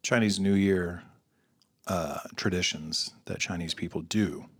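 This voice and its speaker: A man's voice: low-pitched, unhurried, fairly bright tone, husky. A man co-hosting a podcast, teasing his friend in crude, joking banter and swearing freely. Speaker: podcast co-host.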